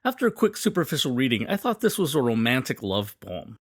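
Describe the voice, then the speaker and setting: A man teaching a poetry lesson, explaining clearly and reading quoted lines slowly and dramatically. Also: medium pitch, very animated, no echo, clean studio sound.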